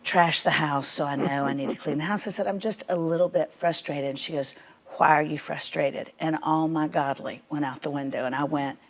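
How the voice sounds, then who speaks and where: A middle-aged woman, telling a lively story on a TV talk show, laughing as she goes. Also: low voice, a little fast, few pauses. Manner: animated Southern storyteller, laughing through her words. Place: TV studio.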